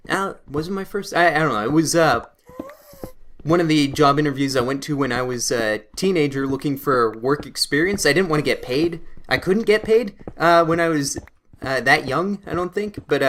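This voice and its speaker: A man's voice: on the high side, fairly bright tone. A young man from Canada, hosting a gaming channel, tells a rambling, self-mocking story while he plays, full of fillers and restarts. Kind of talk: casual storytelling while playing a game.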